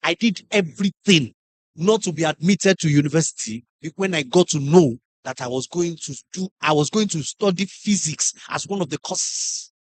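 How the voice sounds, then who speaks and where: A middle-aged man with a Nigerian English accent giving a lively motivational talk to teachers, acting out classroom stories and putting questions to the audience. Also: on the high side, normal speed, no room sound. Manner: animated storyteller, acts out classroom scenes, asks the audience questions. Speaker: conference speaker.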